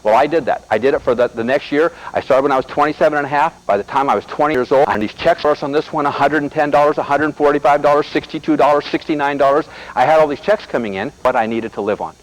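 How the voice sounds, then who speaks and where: A man's voice: on the high side, fast talker, few pauses, rough recording. A middle-aged American man giving a motivational seminar talk, telling stories and speaking straight to the audience. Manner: animated storyteller addressing the audience directly.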